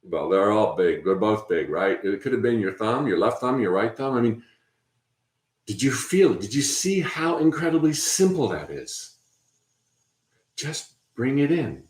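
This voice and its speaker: A man hosting a spiritual talk, conversational and encouraging, often repeating phrases softly as he guides listeners. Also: on the low side, lively intonation, a little slow, echoey room. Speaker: host.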